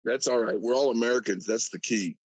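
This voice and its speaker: A man from Alabama calling into a live stream, talking casually and haltingly with many fillers and restarts. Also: mid-range voice, darkish tone, dry recording, rough recording. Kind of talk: casual chat.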